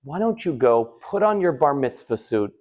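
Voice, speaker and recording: A man, a rabbi, giving a live Torah class, telling stories with rhetorical questions and Hebrew terms, swinging from loud to hushed. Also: mid-range voice, very animated, normal speed, lo-fi sound. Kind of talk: live sermon with storytelling. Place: synagogue hall.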